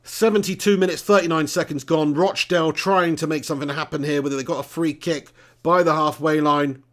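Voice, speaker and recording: High-voiced english bloke doing a live footy watch-along, gets excited and swears a lot. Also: male voice, brisk. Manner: excitable, swears, laughs at own jokes. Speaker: fan watch-along host.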